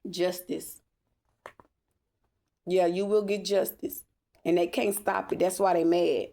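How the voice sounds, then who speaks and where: A woman's voice: lowish voice, steady tone, slow, gravelly, warm tone. A woman reading tarot cards in a spiritual vlog, talking bluntly and emphatically, swearing freely and asking "okay?" over and over. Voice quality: emphatic, repeats "okay?" often. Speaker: tarot reader.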